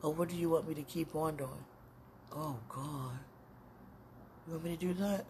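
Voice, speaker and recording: A woman's voice: low voice, moderate pace, a little mellow, a little hiss or hum. A woman podcaster talking in a casual, intimate monologue that rambles and often turns to prayer.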